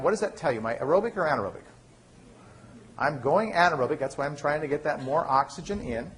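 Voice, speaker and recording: Lively, high-pitched male lecturer. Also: a little hiss or hum. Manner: lively, asks the class questions and answers them. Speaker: university biochemistry lecturer. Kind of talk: classroom lecture. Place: lecture hall.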